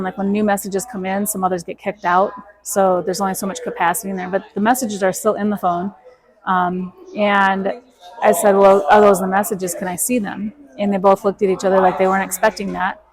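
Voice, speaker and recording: A woman speaks quickly and keeps her pitch flat and steady. She is a guest telling her own story with force, and she quotes herself and everyone else as she goes. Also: rough recording. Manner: emphatic, quotes herself and others in dialogue. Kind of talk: storytelling in an interview.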